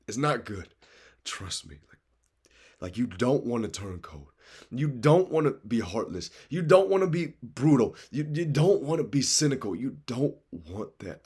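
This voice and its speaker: Husky, earnest man speaking bluntly. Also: medium pitch. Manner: earnest, raw and blunt, swears freely; speaks straight to the listener with urgent conviction. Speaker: vlogger giving life advice. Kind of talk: confessional motivational monologue.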